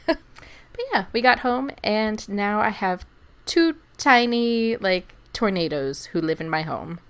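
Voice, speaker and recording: Lively woman telling a story. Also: mid-range voice, measured pace, clean tone. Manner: animated storyteller, acts out quoted people, laughs often. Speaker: podcast co-host. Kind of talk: casual storytelling chat.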